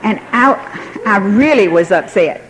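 An older woman, her voice sitting at an ordinary middle pitch, tells a story from her own life. She pokes fun at herself with a wry, easy humor, and a faint hiss runs under the recording. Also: expressive, a little slow. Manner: wry, self-mocking, laughs through her story. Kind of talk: personal storytelling.

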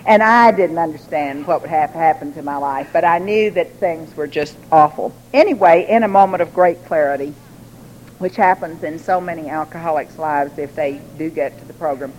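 Animated woman telling her story. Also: deep voice, moderate pace, slight background noise, low-quality recording. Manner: animated, laughing, acts out quoted voices. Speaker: recovery meeting speaker. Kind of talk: storytelling talk to a group.

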